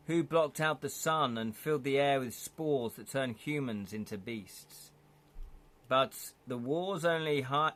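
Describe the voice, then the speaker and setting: Slow-talking man reading a gamebook. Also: medium pitch. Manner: chatty, laughs often, reads aloud with asides. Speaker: streamer reading an interactive gamebook. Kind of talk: live-streamed gamebook reading and viewer chat.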